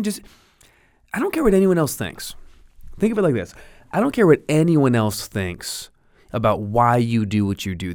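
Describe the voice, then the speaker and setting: A man's voice: medium pitch, darkish tone, no echo. A middle-aged man hosting a podcast, talking earnestly in a slightly preachy, encouraging monologue close to the mic. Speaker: podcast host.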